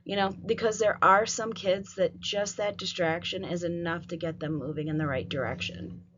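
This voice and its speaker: A woman's voice: lowish voice, fairly even intonation, normal speed. Woman giving a casual staff training talk. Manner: conversational, frequent "right?" and "um". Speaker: school behavior trainer. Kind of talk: training presentation. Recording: dull lo-fi audio with faint noise.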